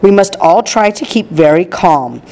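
A woman voicing a practical, caring mother in a storybook reading, sometimes excited and sometimes calming. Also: on the low side, moderate pace. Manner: animated, then calming.

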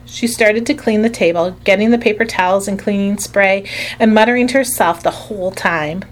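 A woman reading a children's storybook aloud in an expressive storytelling way. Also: mid-range voice, normal speed. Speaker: narrator. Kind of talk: audiobook narration.

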